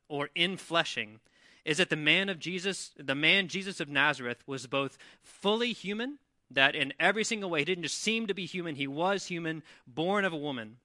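Bright-voiced male pastor preaching. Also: on the high side, no room sound, clean studio sound. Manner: conversational, animated when retelling scenes. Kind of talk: sermon. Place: church.

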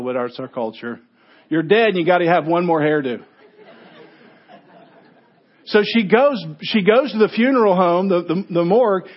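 A man pastor preaches a sermon in a fairly high voice. He tells stories with animation, dropping low for points and rising to exclaim. The recording sounds dull and lo-fi. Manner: animated storytelling, shifts from quiet to exclaiming.

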